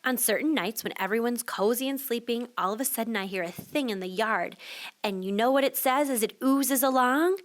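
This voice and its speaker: A woman teacher reading a children's picture book aloud to young listeners, expressive and switching voices for the child and the mother. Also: a little high, a little fast. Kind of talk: children's storybook read-aloud.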